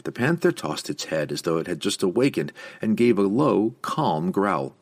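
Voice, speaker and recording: Deep, husky male storyteller. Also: normal speed. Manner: expressive storytelling with lively inflection. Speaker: audiobook narrator. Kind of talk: scripted fantasy narration.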